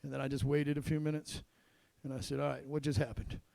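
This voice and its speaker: A middle-aged man doing a stand-up comedy set in a comedy club, telling gruff, self-deprecating stories with quick asides. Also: medium pitch, level tone, a little mellow, no room sound.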